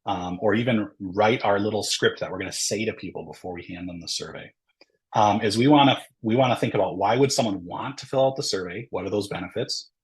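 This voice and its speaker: Over a rough recording, a man on the low side of pitch presents a webinar lecture at a fairly quick pace. His workshop style is conversational and step by step, peppered with ums, uhs, and repeated "right?" check-ins between points.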